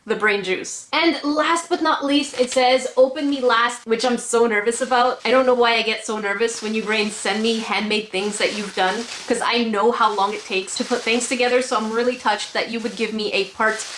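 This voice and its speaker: A woman hosting a craft video, chatting casually and excitedly as she unboxes, then delivering a salty product review from her home craft room. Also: a little high, normal speed, few pauses, a little hiss or hum. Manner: gushing, excitable, gasps and laughs. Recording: echoey room.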